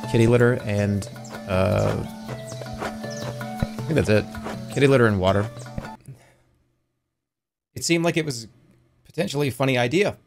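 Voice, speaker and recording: A man streaming games live, chatting excitedly, swearing and yelping in bursts. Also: medium pitch, measured pace, creaky, long pauses, faint music behind. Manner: excitable, yelps and swears, breaks into laughter. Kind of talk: casual live-stream chatter while gaming.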